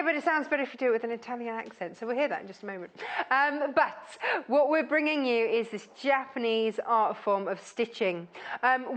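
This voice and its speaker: A woman presents craft kits on a shopping channel, gushing over every item and filling pauses with chatty asides. Her voice sits fairly high. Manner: gushing, chatty, lots of fillers. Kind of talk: enthusiastic product presentation.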